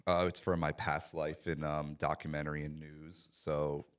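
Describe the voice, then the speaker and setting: Brief: man in his 30s, very low voice, easygoing and self-deprecating interview guest. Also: flat delivery, normal speed, clear, resonant tone. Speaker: guest filmmaker. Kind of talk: casual interview chat.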